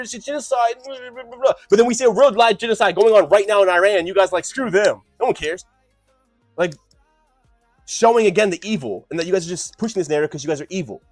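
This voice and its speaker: Fast-talking combative man streamer. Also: a little high, no echo. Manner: combative, lecturing, swings between loud outbursts and muttering asides. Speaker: streamer debating chat. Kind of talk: heated live-stream debate.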